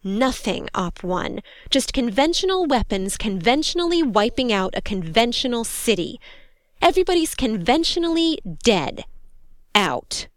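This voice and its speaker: A woman's voice: medium pitch, lively intonation, slow, hardly any pauses, bright, forceful tone, no room sound, studio quality, heavily acted. A woman voicing a seventeen-year-old female soldier, worn out, who talks in clipped, sarcastic bursts and swears. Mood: bitter. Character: young female soldier, seventeen, exhausted and bitter.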